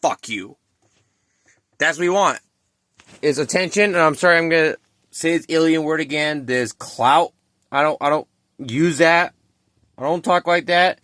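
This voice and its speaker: A man's voice: on the high side, moderate pace, fairly bright tone, no room sound. A man in his late twenties ranting angrily to camera in a vlog, cursing often and repeating himself. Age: 20s. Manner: heated, profane, repeats himself. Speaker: vlogger. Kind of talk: angry ranting commentary to camera.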